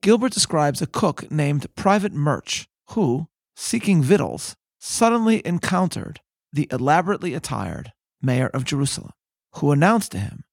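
A man hosting a podcast, telling history in measured, scripted narration that slows for emphasis. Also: on the high side, sing-song, gravelly, no echo, studio quality. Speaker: podcast host.

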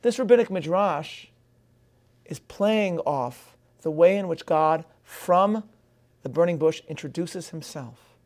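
Measured scholarly man lecturing. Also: on the high side. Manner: measured, scholarly, reads quotes aloud; uses Hebrew phrases. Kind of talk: lecture on film and scripture.

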